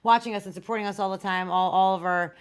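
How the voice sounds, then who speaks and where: A woman's voice: medium pitch, fairly even intonation, fast, smooth. A woman co-host on a video call from a hotel room, chatty and effusive, swearing casually. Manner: chatty, profane, effusive thanks. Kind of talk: casual chat.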